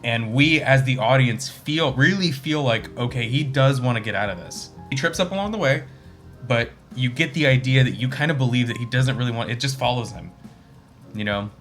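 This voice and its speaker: A man's voice: mid-range voice, normal speed, a bit bright, faint music behind. A man co-hosting a casual movie discussion, rambling and swearing freely as he recounts scenes. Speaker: podcast co-host.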